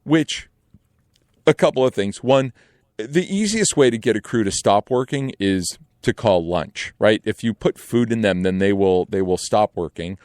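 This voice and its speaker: A young adult man telling a casual story in an animated way, acting out other people's lines. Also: on the low side, normal speed, no echo, clean studio sound.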